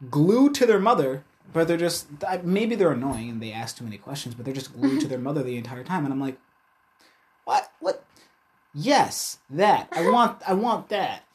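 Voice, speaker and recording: A man chatting casually as a co-host, rambling and swearing freely as he tells stories. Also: mid-range voice. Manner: animated, profane, rambling storyteller. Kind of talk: casual chat.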